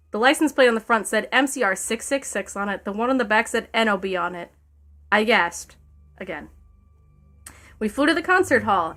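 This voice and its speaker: A woman with a fairly high voice reads a fanfic aloud on a stream. She keeps stopping to laugh and toss in wry comments, and faint music plays behind her. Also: bright, forceful tone. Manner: breaks off laughing, wry asides.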